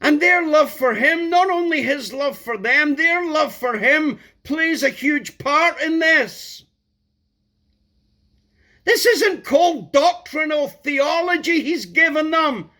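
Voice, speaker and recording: A man's voice: extremely high pitch, animated, takes it slowly, pushed and bright. A man preaching a sermon, emphatic and repeating key words for stress.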